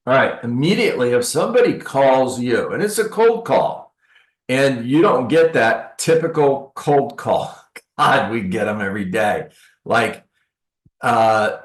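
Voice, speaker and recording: A man's voice: medium pitch, moderate pace, roomy sound. A man coaching a live audience in a seminar, acting out sales calls with sarcastic asides. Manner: animated, acts out sales calls. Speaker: real estate coach. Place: training room with an audience.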